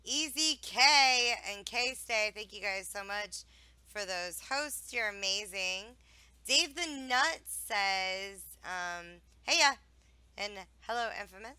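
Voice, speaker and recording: Bright-voiced woman streamer reading chat. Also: medium pitch, expressive, slow pace, clean tone, dry recording, rough recording. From Wisconsin. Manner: profane, laughing, reads chat aloud. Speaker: streamer hosting interview.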